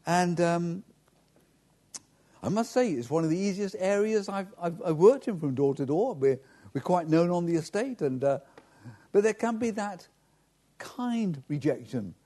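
A man's voice: high-pitched, expressive, measured pace, dark tone. A man, a pastor preaching a sermon directly and earnestly to his congregation.

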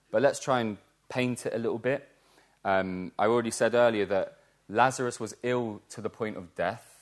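A man preaching a sermon in a church, earnest and emphatic, repeating key words for stress. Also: fairly low pitch.

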